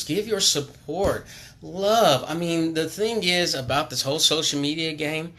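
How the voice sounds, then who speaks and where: A man who sells cars, speaking unscripted on a charity livestream, earnest and repetitive, sometimes dropping to a hush. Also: mid-range voice. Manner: earnest, repetitive, preachy, drops to hushed tones. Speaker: car salesman on a charity livestream. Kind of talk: impromptu motivational appeal.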